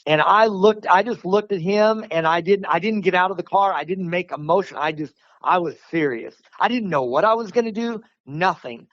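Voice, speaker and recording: Animated storytelling man, lo-fi sound. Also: high voice, moderate pace, hardly any pauses, dry recording. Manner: animated, laughs while telling a story, many restarts. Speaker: martial arts instructor, podcast guest. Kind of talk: casual storytelling.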